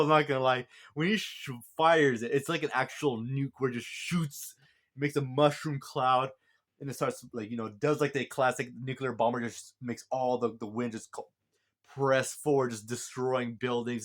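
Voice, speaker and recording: Rambling, excitable man reviewing a film. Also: medium pitch. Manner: rambling, excitable retelling with restarts and chuckles. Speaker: movie reviewer. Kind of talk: casual spoken film review.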